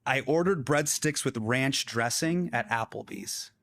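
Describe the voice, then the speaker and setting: A man's voice: medium pitch, measured pace, gravelly, a bit bright, no echo. A man interviewing a guest in playful banter, teasing and coaxing him.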